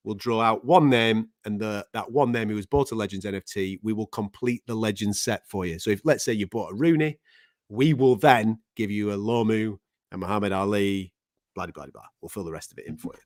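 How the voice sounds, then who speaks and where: A man's voice: on the low side, fairly quick, no echo. Man, Mancunian accent, host, casual banter, dry close sound. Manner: chatty, laddish banter. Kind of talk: casual live show chat.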